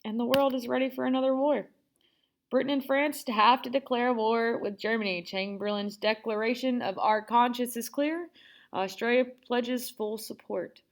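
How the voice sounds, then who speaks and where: A young woman talks through a history lesson in a casual, conversational way. Her voice sits a little high. She keeps it chatty and sarcastic, acting out quotes with playful asides. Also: normal speed. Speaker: teacher.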